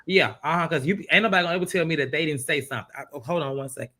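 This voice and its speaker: A man with a bright, forceful voice recaps reality TV gossip for an online panel. He tells the story in a lively, disbelieving way, like he can't believe what he watched. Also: a little high, racing. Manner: animated, incredulous storytelling.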